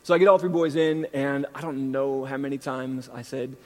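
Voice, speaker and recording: A pastor in his thirties preaching a sermon, moving from scripture into a self-deprecating, animated family story. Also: medium pitch, moderate pace. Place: church sanctuary. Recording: long reverb from a large hall.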